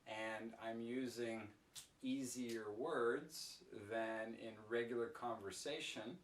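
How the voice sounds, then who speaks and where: A man teaching an English pronunciation lesson, speaking slowly and clearly with careful pronunciation. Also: medium pitch, steady tone, roomy sound, distant mic.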